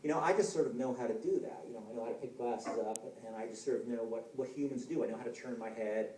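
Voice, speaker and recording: A man's voice: medium pitch, fast, mellow. A man giving a conference talk about game design in a casual, conversational way, with plenty of fillers and restarts. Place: large lecture hall. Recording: echoey hall, heard from a distance.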